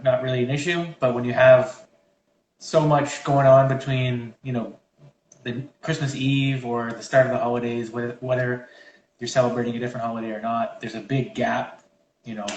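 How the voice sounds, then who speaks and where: A man's voice: mid-range voice, roomy sound, slight background noise, rough recording. A man co-hosting a fitness chat, giving casual advice in a rambling way with many fillers and restarts, over a video call. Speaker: fitness trainer co-host.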